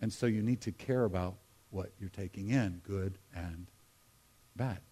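A man's voice: sits low, unhurried, warm tone, slightly rough. A middle-aged American pastor preaching a humorous, conversational sermon to his congregation, with asides to the people in the pews. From United States. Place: church sanctuary.

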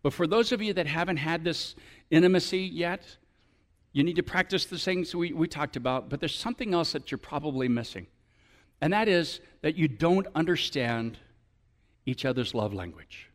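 A male pastor preaching a sermon to his church, often building up to animated, emphatic appeals. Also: fairly high pitch, moderate pace.

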